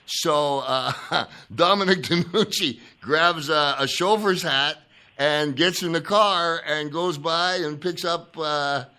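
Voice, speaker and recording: A man hosting a podcast, telling stories in a rambling, animated way and often pausing to search for names. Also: fairly high pitch, clean tone. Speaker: podcast host. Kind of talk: casual storytelling chat.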